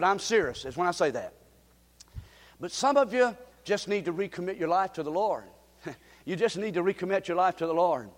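A man preaching a fervent sermon as pastor, breaking into shouts and folksy asides. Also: high voice. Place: church sanctuary. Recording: long hall reverb.

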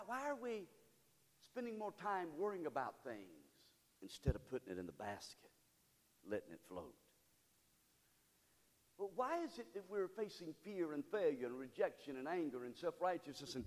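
Animated preacher with church reverb. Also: male voice, a little high, normal speed. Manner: animated preaching, swinging from loud cries to hushed pleading. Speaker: pastor. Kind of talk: sermon. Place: church sanctuary.

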